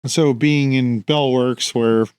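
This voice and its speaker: A man hosting a podcast, asking a guest plain, measured questions. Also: mid-range voice, fairly even intonation, a little mellow, smooth. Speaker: podcast host. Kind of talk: interview questions.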